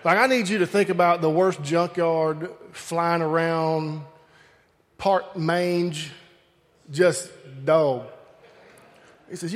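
High-voiced Southern preacher telling stories. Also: male voice, takes it slowly, long pauses. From Alabama. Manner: folksy, animated, talks straight to the crowd. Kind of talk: humorous storytelling sermon. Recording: long hall reverb.

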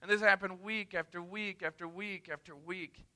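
Male missionary preacher, emphatic storyteller, sharp, ringing tone. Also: sits high, steady tone, normal speed. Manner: earnest, emphatic, conversational. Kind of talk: sermon storytelling.

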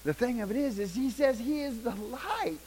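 An older man preaching a sermon, telling folksy stories, loud one moment and hushed the next. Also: extremely high pitch, moderate pace, a little hiss or hum, rough recording. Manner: folksy, animated, shouts punchlines, drops to hushed tones. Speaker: pastor. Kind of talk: sermon with storytelling.

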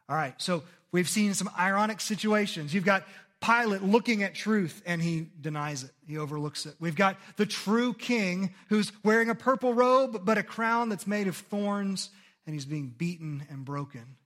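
A male pastor delivering a sermon in a conversational, earnest way, often pausing for "okay?" check-ins. His voice sits a little high and climbs sharply during dramatic scripture readings. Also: fairly bright tone.

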